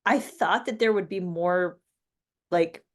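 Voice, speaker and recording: A woman's voice: fairly low pitch, slow. An American woman co-hosting a podcast in casual, playful chat. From United States. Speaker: podcast co-host.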